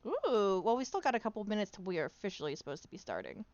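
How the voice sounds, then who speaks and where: A woman's voice: medium pitch, very animated, fast, a little mellow, dull audio. A woman in casual pre-stream chat with friends, teasing and swearing freely. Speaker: tabletop game player.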